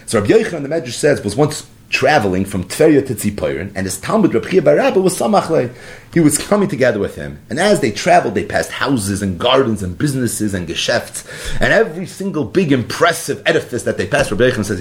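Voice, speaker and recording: A man giving a Torah lecture, an animated storyteller who acts out the dialogue. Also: mid-range voice, fast talker. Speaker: Torah teacher.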